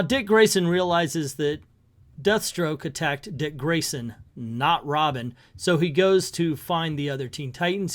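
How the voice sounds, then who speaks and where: A man's voice: on the high side, fairly bright tone. A man chatting casually through a comic book review, making jokey asides to his viewers.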